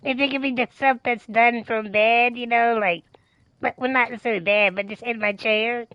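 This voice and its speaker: A woman's voice: a little high, fairly even intonation, normal speed, smooth, dry recording. A woman streamer chatting casually, telling a long story in a rambling, emphatic way and swearing freely. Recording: dull lo-fi mic.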